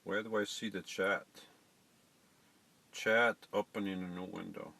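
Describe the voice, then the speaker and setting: A man's voice: sits low, steady tone, measured pace, gravelly, pushed and bright. A middle-aged man hosting a casual live stream, chatting to viewers and fumbling with settings.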